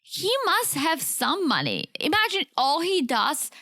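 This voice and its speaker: A woman's voice: high-pitched, huge pitch swings, unhurried, bright, forceful tone, no echo, studio quality. A woman co-hosting a podcast, chatting bluntly about a reality show and laughing often. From Czech Republic. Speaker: podcast co-host. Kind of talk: casual chat recapping a reality show.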